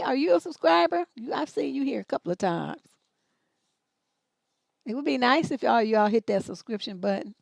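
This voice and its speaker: A woman's voice: high voice, vocal fry, fairly bright tone, no echo. A middle-aged woman hosting a livestream advice show, reading viewer questions aloud and answering in a blunt, profane, mocking way.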